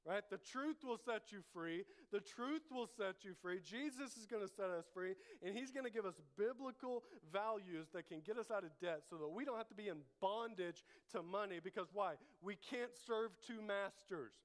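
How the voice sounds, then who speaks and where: A man's voice: high-pitched, moderate pace, hardly any pauses. A man preaching a sermon as pastor, emphatic, repeating key phrases and leading the congregation to say them back. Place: church.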